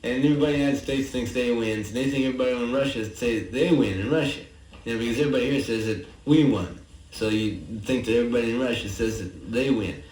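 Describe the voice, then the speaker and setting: A young man telling a loose, halting anecdote in casual chat, drawling and full of "uh" and "you know.". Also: mid-range voice, darkish tone. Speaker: songwriter giving commentary. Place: apartment living room. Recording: roomy, distant 1963 home tape with faint hiss.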